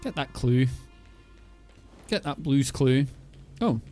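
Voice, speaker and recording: A man's voice: mid-range voice, expressive, takes it slowly, mellow, faint music behind. Joking, chuckling gaming streamer man. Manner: chuckling, joking, reading aloud. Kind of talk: casual let's-play commentary.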